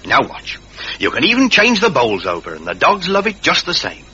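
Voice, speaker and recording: Male advert voice, husky and very lively, dull lo-fi. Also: fairly high pitch, moderate pace. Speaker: advert narrator. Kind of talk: 1970s TV advert.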